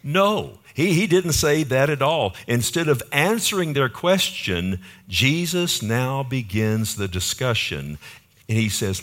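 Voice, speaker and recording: A man's voice: medium pitch, sing-song, slow, a bit bright. A man pastor preaching a verse-by-verse sermon, emphatic and often asking the congregation questions.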